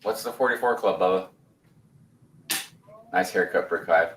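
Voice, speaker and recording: A man in his forties chats loosely on a livestream, rambling and laughing easily as he reads out comments. His fairly low voice sounds roomy and set back from the mic. Faint room noise hums behind him. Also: measured pace, far from the mic. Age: 40s. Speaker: host of a building livestream. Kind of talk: casual livestream chat.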